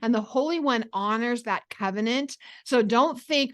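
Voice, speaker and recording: A woman pastor hosting a faith podcast, talking in an earnest, encouraging way with lively acted asides. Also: a little high, normal speed, hardly any pauses. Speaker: podcast host. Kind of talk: casual faith podcast chat.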